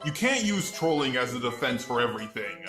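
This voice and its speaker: A man's voice: medium pitch, big pitch swings, fairly quick. A robot voice reading out a man's blunt, sarcastic commentary in a male text-to-speech voice. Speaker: commentary channel host. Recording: roomy echo over loud music.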